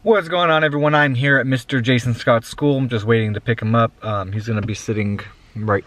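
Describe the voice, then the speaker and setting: A young father chats straight to his handheld camera in a laid-back family vlog, his voice sitting at an ordinary middle pitch. Clear background noise and a low vehicle hum run under his talk. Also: fairly even intonation, a little fast, a bit bright. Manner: chatty, talks straight to the camera. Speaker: father and vlogger. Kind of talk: casual home vlog. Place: home, then in a car. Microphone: handheld compact camera.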